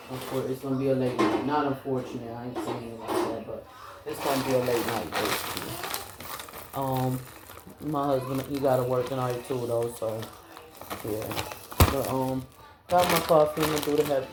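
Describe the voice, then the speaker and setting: A woman's voice: a bass voice, fairly even intonation, moderate pace. A tired young woman, chatting casually and rambling to her viewers, with lots of fillers. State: tired, yawning. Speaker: vlogger, mom. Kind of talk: casual chat. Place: home kitchen. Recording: echoey room with background noise.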